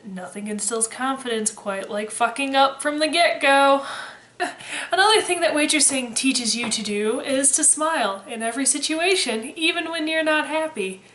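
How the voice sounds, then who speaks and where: A woman's voice: high-pitched, expressive, moderate pace, background noise. A woman in her twenties chatting casually to camera, sarcastic and freely swearing with dry humor. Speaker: vlogger, former waitress. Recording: roomy echo.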